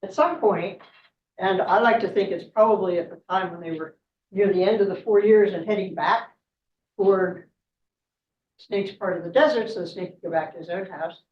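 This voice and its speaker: A woman with a lowish voice at normal speed, plus a little hiss or hum, tells a myth as a guest speaker at a club meeting. She's chatty, laughs often and asks "right?" along the way, recorded in an echoey room on a distant mic with dull sound.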